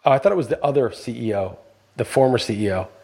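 A man with a husky, slightly breathy voice talks through a casual podcast conversation. He speaks bluntly and swears freely, and his rants grow heated as he goes. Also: mid-range voice, animated, fast talker, warm tone. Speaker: podcast co-host. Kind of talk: casual opinion chat.

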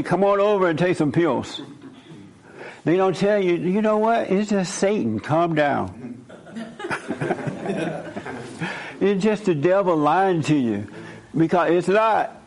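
A man's voice: fairly high pitch, a little mellow. A man giving an informal spoken sermon in a conversational way, repeating his points and often checking in with "right?". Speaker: preacher.

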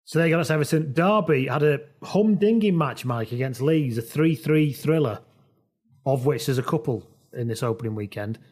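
Man, mid-pitched, chatty host, storytelling with asides. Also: expressive, moderate pace, darkish tone. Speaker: podcast host. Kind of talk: casual football chat.

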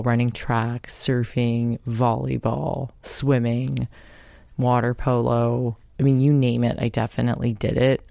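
A woman's voice: a bass voice, gravelly, a little mellow, no echo, studio quality. A woman in her thirties hosting a podcast, telling a personal story in a chatty, laughing, casual way. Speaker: podcast host.

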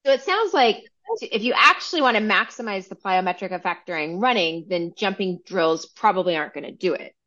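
A woman's voice: mid-range voice, expressive, a little fast, pushed and bright, highs cut off. Woman asking follow-up questions. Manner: asks follow-up questions, short affirmations. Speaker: podcast co-host, interviewer. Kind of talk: casual interview chat.

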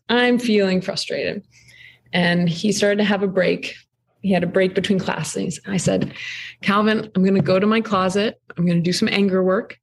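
A woman's voice: mid-range voice, normal speed, vocal fry. A woman in her thirties, a podcast guest and camp co-founder, telling a story in a thoughtful, conversational way with frequent ums. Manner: thoughtful, frequent ums, animated when retelling.

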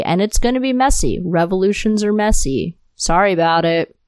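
A woman's voice: sits low, lively intonation, normal speed, darkish tone, clean tone, no room sound. A woman hosting her solo podcast, talking straight into her new mic, angry and impassioned, swearing often. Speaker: podcast host.

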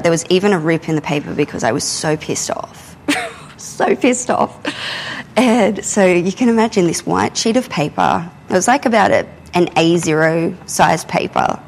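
A young adult woman, telling a candid personal story in a casual, animated way while she works in her art studio. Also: on the low side, slight background noise, rough recording. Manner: animated, candid, often swears and laughs. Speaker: artist and podcast host. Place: art studio, drawing and climbing ladders while talking.

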